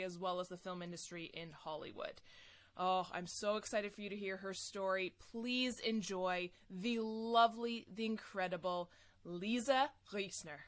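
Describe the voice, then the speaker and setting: A woman's voice: mid-range voice, a bit bright. A woman with a West Coast Canadian accent hosting a podcast, effusive and enthusiastic, laughing easily. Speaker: podcast host. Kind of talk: podcast intro and interview chat.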